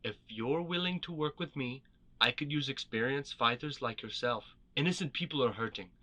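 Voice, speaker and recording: A man's voice: medium pitch, moderate pace, pushed and bright, natural voice. A man reading as a determined young queen. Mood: firm. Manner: firm and urgent. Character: young exiled female queen, guarded, determined. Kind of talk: storybook character reading.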